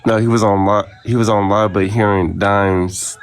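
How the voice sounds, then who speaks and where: A man on a livestream, telling gossip in a slow, meandering way. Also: fairly low pitch, steady tone, a little hiss or hum.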